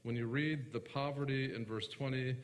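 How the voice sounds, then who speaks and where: A man preaching a sermon as pastor, talking with the congregation and asking them questions, slowing down when reading scripture and often clearing his throat. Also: mid-range voice, steady tone, long reverb tail. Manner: conversational, asks the congregation questions; slows down to read scripture aloud.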